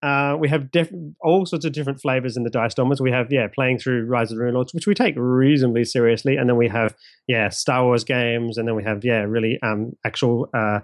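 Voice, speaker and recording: A man's voice: medium pitch, fairly even intonation, fairly quick, dry recording. An Australian man who runs a streamed tabletop game, talking casually in an interview, often repeating words as he starts sentences. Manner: chatty, repeats words at starts, laughs easily.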